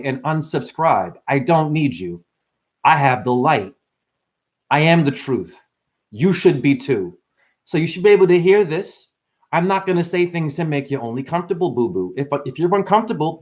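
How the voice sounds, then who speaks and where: A man hosting a livestream, talking straight to his chat, passionate and defensive, swinging between agitation and making peace. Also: fairly high pitch. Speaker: livestream host. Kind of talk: heated livestream chat reading comments.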